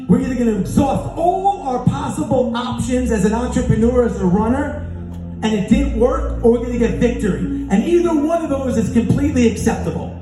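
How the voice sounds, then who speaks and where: Male keynote speaker, very high voice, lively storytelling, echoey hall with music under it. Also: a little fast. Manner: energetic storytelling, acting out dialogue, chanting call-and-response. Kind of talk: motivational stage speech. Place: large conference hall on stage.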